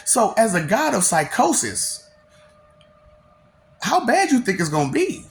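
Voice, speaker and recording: A man's voice: high-pitched, wildly swooping pitch, measured pace, pauses often, slight background noise. A man delivering a taunting, slangy monologue, laughing often between lines.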